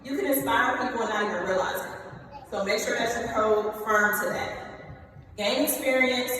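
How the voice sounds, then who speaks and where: A young woman from Ohio giving a commencement speech, talking straight to the students with lively asides and frequent "okay?" check-ins. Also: fairly high pitch, slight background noise. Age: late 20s. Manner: lively, addresses the students directly with "y'all" and "okay?". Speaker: commencement speaker. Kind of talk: motivational speech. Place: large hall. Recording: echoey hall, heard from a distance.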